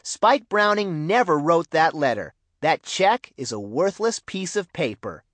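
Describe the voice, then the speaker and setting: A man's voice: a little high, very animated, unhurried, a bit bright, no room sound. A man doing an eager boy detective. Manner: eager, insistent. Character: excitable boy detective, ten years old.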